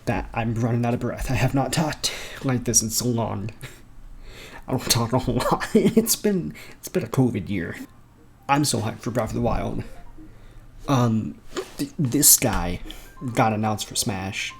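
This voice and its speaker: A young man rambling excitedly about video games in a casual home vlog, laughing often and swearing casually. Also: medium pitch, a little slow, vocal fry, pauses often, slight background noise. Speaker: gaming vlogger. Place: bedroom at home.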